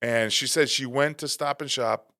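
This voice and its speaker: A man hosting a podcast, telling stories in casual chat, animated and profane, acting out the people he quotes. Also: mid-range voice, normal speed, dry recording, clean studio sound. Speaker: podcast host.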